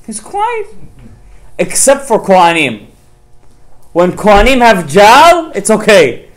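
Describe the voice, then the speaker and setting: A man's voice: high-pitched, sing-song, a little slow. A man, a rabbi, giving a Torah class to parents, firing rhetorical questions at his listeners and dropping Hebrew terms into his talk.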